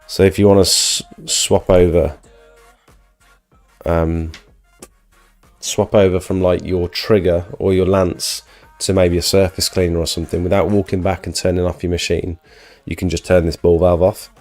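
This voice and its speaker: A man with a deep, mellow voice, thinned by a recent illness he's recovering from, answers chat questions on a live pressure-washing stream. He talks in a loose, chatty way with frequent restarts, keeping a level tone and moderate pace over faint, soft music.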